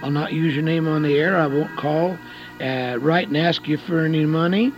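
A man in his late seventies, an evangelist giving a radio sermon, swinging between loud exhortation and a hushed near-whisper. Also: fairly high pitch, fairly even intonation, normal speed. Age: 70s. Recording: dull lo-fi radio broadcast with faint music.

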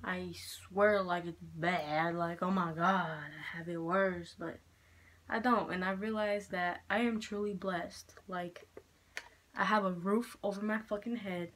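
Young woman, hoarse from a cold, casual makeup chat, swears freely, home room. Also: lowish voice, fairly even intonation, a little slow, fairly bright tone, slight background noise. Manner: chatty, frank, swears a lot. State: sick, slightly hoarse. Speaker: beauty vlogger. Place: room at home with poor lighting. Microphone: handheld mirror in one hand, camera fixed.

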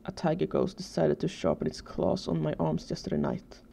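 A woman voicing a sullen, weary teenage boy in a storybook reading, with a flat, indifferent delivery. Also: sits low, brisk, vocal fry, breathy edge, exaggerated voice. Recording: dull lo-fi recording.

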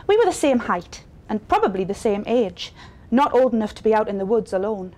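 A woman reading a short story aloud in a gentle, unhurried storytelling manner. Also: medium pitch, sing-song. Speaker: story reader.

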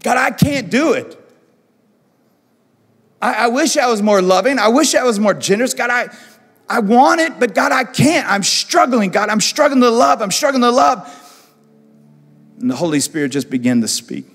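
A male pastor preaching a sermon with passion, repeating phrases, swinging from hushed tones to loud. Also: very high-pitched, big pitch swings, moderate pace, pauses often. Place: church hall. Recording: church hall with long reverb, soft music.

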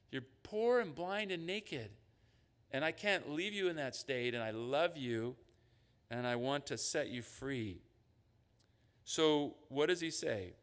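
A man preaching a sermon as a pastor. He talks in an animated way and acts out the voices of God and his listeners. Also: fairly high pitch, a little slow, long reverb tail. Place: church sanctuary.

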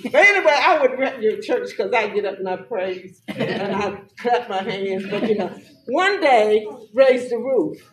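A woman's voice: mid-range voice, expressive, unhurried. A woman giving impromptu remarks at a church service, chatty and laughing as she talks. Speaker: congregation member speaking. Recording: echoey hall from far off, crowd behind.

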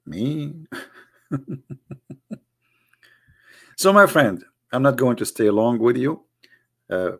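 A man with an Arabic accent, a native Arabic speaker, giving a sarcastic monologue as an online critic. He mocks his subject and keeps asking the viewers rhetorical questions. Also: on the low side. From Arab world. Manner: mocking, rhetorical, speaks straight to the audience.

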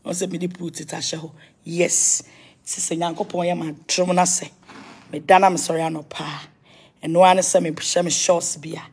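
A woman's voice: on the low side, level tone, normal speed, darkish tone, breathy edge. A Ghanaian woman vlogging casually at home, chatting to viewers in a loose mix of languages and blessing them. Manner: mixes Twi and English, chatty, blesses viewers. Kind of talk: casual home tour vlog.

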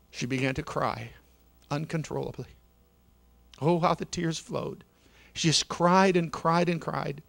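A man telling a story in a sermon with great drama, swinging from loud, urgent bursts to hushed near-whispers. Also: mid-range voice, fairly even intonation, measured pace, vocal fry, long pauses. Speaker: pastor. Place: church sanctuary.

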